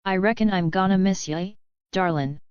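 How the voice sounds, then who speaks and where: A woman's voice: medium pitch, moderate pace, clear, resonant tone, no room sound, close to an everyday voice. A woman voicing a sassy but tender young Southern woman, drawling her farewell in slang. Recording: dull, dry sound.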